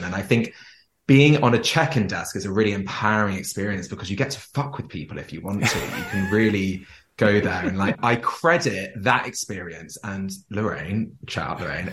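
Man, from jersey, camp and animated storyteller, fairly low voice, echoey room. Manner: camp, animated, laughs often while telling stories. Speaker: podcast guest. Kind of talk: casual storytelling interview.

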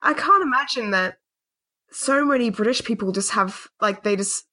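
A young woman co-hosting a podcast, talking in a loose, sweary, animated way and laughing often. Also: a little high, normal speed. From Australia. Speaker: podcast co-host. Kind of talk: casual chat.

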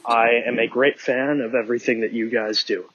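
A man's voice: medium pitch, steady tone, moderate pace, a bit bright, breathy edge, lo-fi sound. A man from Minnesota leaving a friendly, wry voice memo for a podcast, recorded outdoors on a phone. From Minnesota, USA. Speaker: listener sending a voice memo. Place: outdoors with dogs.

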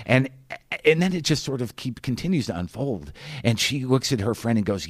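A man hosting a podcast, telling a rambling, incredulous comic story with quick restarts. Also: medium pitch, very animated, dry recording, clean studio sound. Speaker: podcast host.

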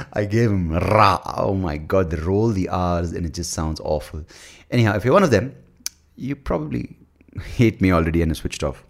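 A man rants alone on his podcast. His voice sits very low. He rambles from point to point with crude jokes and plenty of swearing. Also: lively intonation, moderate pace, creaky. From India. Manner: profane, rambling, joking. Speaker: podcast host. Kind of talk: solo podcast rant.

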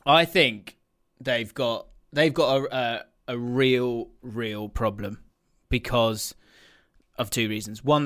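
A man's voice: medium pitch, a bit bright. A young man co-hosting a casual football podcast, laughing often and rambling as he reads out the fixtures. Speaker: podcast co-host.

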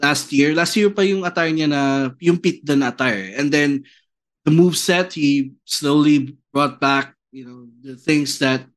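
A man's voice: on the high side, measured pace. Man chatting on a podcast. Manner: code-switching English and Tagalog, thinking aloud with fillers. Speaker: podcast co-host. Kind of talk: casual chat.

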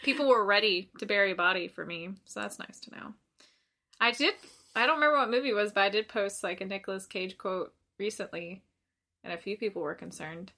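A young woman co-hosting a casual podcast, laughing often and retelling scenes with animated, swearing energy. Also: mid-range voice, a little fast, vocal fry. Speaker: podcast co-host. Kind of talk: casual chat.

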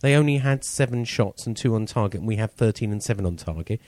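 A man's voice: fairly low pitch, lively intonation, fast, darkish tone, dry recording. A man hosting a casual football fan podcast, chatty and teasing as he steers the talk. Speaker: podcast host.

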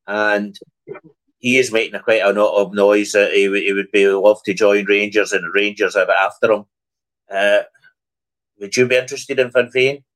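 A man's voice: lowish voice, steady tone, normal speed, fairly bright tone, rough recording. A man, co-hosting a football podcast in casual conversation, with stammering restarts. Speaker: podcast co-host.

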